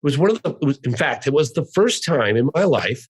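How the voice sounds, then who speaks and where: A man's voice: medium pitch, big pitch swings, fast, slightly rough, poor audio. A middle-aged man from the United States, a podcast guest telling a long story in an earnest, emphatic way and insisting it is all true. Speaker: guest, documentary filmmaker. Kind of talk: animated storytelling.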